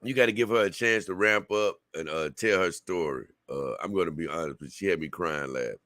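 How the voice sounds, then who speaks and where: A man hosting a reaction show, commenting in a laughing, excitable, slangy way. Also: sits low, a little fast, no echo, clean studio sound. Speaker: reaction host.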